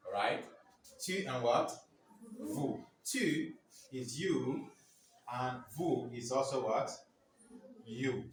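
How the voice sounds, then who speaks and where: A man teaching French to a class, prompting students with questions and drilling words for them to repeat. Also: mid-range voice. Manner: keeps asking the class "what?" for them to fill in answers. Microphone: far from the speaker. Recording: very echoey room, distant mic, faint noise.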